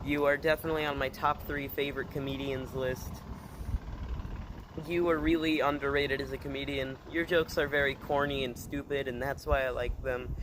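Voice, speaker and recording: A man chatting casually to his channel, rambling and hesitant, full of fillers and deadpan puns. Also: mid-range voice, normal speed, noisy background. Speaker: channel host. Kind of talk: casual vlog chat.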